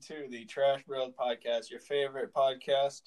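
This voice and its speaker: A man's voice: medium pitch, level tone, moderate pace. A young man co-hosting a podcast in casual chat, jokey and playful, laughing often. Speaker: podcast co-host.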